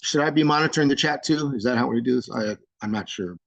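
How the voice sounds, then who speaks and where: A man leads a live online training session, reading participants' chat replies aloud and praising each person by name in a chatty, informal manner with frequent fillers. He talks fast in a medium-pitched, creaky, slightly bright voice, on a dry recording with poor audio.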